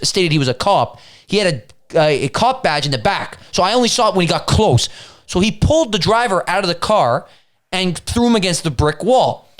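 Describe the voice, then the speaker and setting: A young man co-hosting a podcast, telling a story in casual chat and acting out the shouting of the people in it. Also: high voice. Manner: animated storyteller, acts out quoted yelling. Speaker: podcast co-host.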